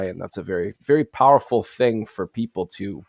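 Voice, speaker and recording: A man with a fairly low voice talks as a guest in a casual interview. He speaks earnestly and reflectively, pausing often to find his words. His voice sounds close and dry, with almost no room around it. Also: expressive, vocal fry, a little mellow, dry recording. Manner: earnest, reflective storytelling with frequent hesitations. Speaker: guest, fantasy series creator.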